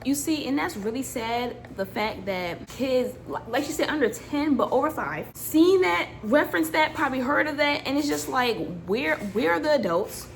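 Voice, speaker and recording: A young adult woman vlogger chatting casually as she reacts to a video, telling a story in an animated, slangy way with lots of laughing. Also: sits high, moderate pace, vocal fry, few pauses, a little hiss or hum.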